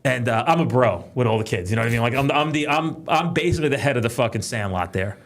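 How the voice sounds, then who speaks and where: Podcast guest, male, brash and profane storyteller, mid-range voice. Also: mid-range voice. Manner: profane, fast-talking, animated storytelling. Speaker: podcast guest, police trainer. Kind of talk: casual podcast chat.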